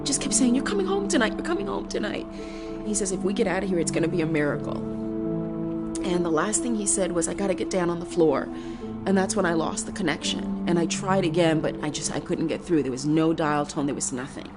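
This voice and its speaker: A woman's voice: lowish voice, brisk. A woman giving documentary interview testimony, retelling a phone call with emotion and quoted speech. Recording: music bed under the voice.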